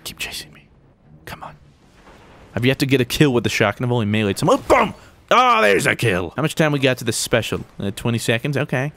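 A man giving jokey, excitable gameplay commentary, full of mild exclamations. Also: mid-range voice, fast talker, gravelly. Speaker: gaming YouTuber.

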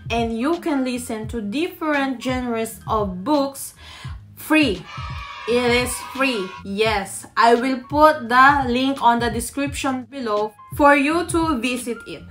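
A woman's voice: fairly high pitch, slow, a bit bright, soft background music. A woman, giving a language tutorial to camera and explaining her tips step by step. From Philippines. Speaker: language teacher.

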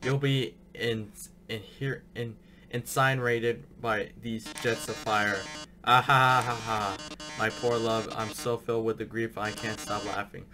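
A man's voice: on the low side, level tone, measured pace, natural voice. A man voicing a flamboyant male killer robot TV star, reading game dialogue with theatrical mock sorrow and drawled "darlings" over game music. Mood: mock-tragic.

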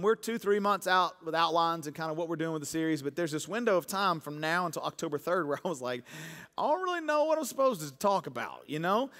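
A man's voice: high-pitched, fairly bright tone. A man preaching a sermon, telling stories and joking with the congregation. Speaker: pastor. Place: church auditorium. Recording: long church hall reverb.

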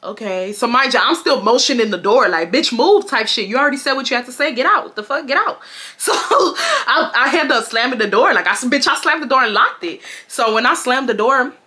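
A woman in her twenties from Houston, telling a storytime to her viewers in a casual, slangy, animated way, swearing often and jumping into high shrieks when she quotes people. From Houston, Texas. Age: 20s. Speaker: storytime vlogger.

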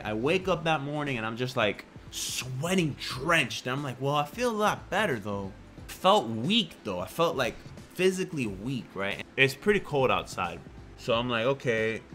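A young man tells a story straight to camera in a loose, chatty vlog style. He talks in an animated, slangy way and makes crude jokes. His voice sits at an ordinary middle pitch, with soft music playing behind him. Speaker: vlogger.

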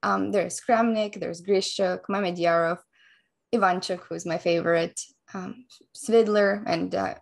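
A woman chess coach calmly and methodically explaining a chess opening, move by move. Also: lowish voice, a little slow, vocal fry. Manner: calm, methodical explanation of moves.

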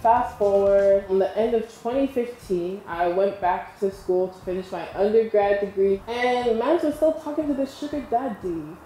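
A chatty woman in her twenties tells a story straight to her camera, tossing in laughing asides to her viewers. Her voice is mellow and soft-edged, and it rings around a roomy, echoey space with a faint hiss underneath. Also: medium pitch, normal speed, few pauses. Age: 20s. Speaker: storytime vlogger.

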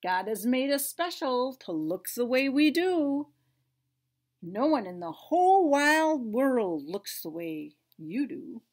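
A woman voicing a friendly, cheerful male bear in a picture-book read-aloud for toddlers, reading loudly and brightly. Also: on the high side, big pitch swings, slow, full character voice.

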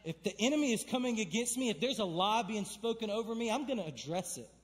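A man's voice: high-pitched, lively intonation, quick pace, big-room sound. A young man preaching a sermon in a church, conversational and emphatic, building to fervent calls. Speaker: pastor. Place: church sanctuary.

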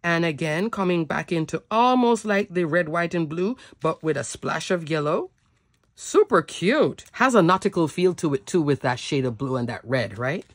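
A woman's voice: on the low side, lively intonation, moderate pace, dry recording, clean studio sound. A woman narrating a cardmaking product showcase in a bubbly, gushing manner. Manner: bubbly, gushing, repeats "love" and "so cute". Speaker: cardmaking demonstrator.

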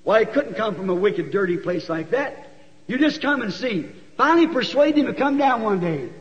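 A man preaches in a very high, ringing voice. He tells the story folksy and animated, rising to shouts. The sound is a dull old church tape with a long hall reverb. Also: moderate pace. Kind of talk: sermon storytelling.

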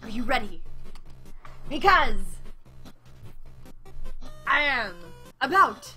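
A loud, grandly boastful skeleton man, put on by a woman reading game lines bellows his announcements in a high, swooping voice. His delivery is theatrical and drawn-out. Game music plays behind him. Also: big pitch swings, breathy edge, exaggerated voice. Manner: booming, dramatic announcing.

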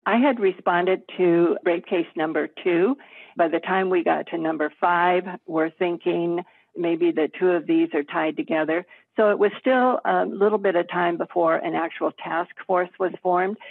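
A retired detective, a woman in her seventies, recounting old cases in a steady, matter-of-fact way. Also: fairly low pitch, creaky, breathy edge, dry recording. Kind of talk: recounting case memories in an interview. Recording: tinny phone line.

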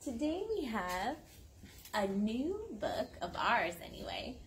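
A young woman, a parent reading a picture book aloud to her toddler in a playful, animated way. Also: a little high, takes it slowly, a little hiss or hum, poor audio. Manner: playful, animated storytelling with gasps.

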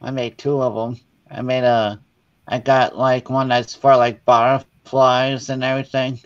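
A guest crafter, rambling enthusiastically with lots of fillers in casual chat. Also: male voice, mid-range voice, level tone, unhurried, smooth, muffled recording.

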